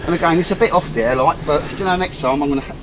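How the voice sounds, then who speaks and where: A man's voice: a little high, very fast. A man chatting casually in the woods about a stool he built, calling everyone mate. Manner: chatty, calls everyone mate, laughs often. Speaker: bushcraft vlogger. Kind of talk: casual outdoor chat. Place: woods outdoors. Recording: outdoor camera audio with noise.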